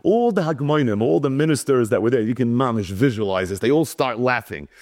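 Lively man giving a Talmud lecture. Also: mid-range voice, brisk, dry recording, clean studio sound. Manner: reads Hebrew and Aramaic texts then translates them; animated storytelling, acting out quoted speakers. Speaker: Torah teacher.

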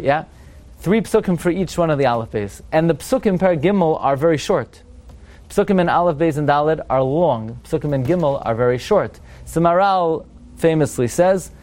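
A man teaching a Torah class, quizzing his students and chanting verses slowly as he explains. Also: a little high, darkish tone.

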